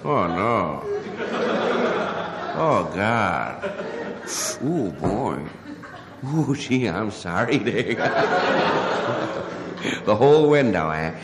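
A man doing a stand-up telephone monologue as a hungover caller, stammering and halting with many pauses and uh's. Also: lowish voice, big pitch swings, heavy background noise. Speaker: comedian. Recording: live stage recording, long reverb, audience laughter. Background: audience laughter.

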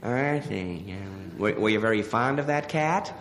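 A man doing a stand-up telephone monologue as a hungover caller, stammering and halting with many pauses and uh's. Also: fairly low pitch, lively intonation, fairly bright tone. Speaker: comedian. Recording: live stage recording, long reverb, audience laughter. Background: audience laughter.

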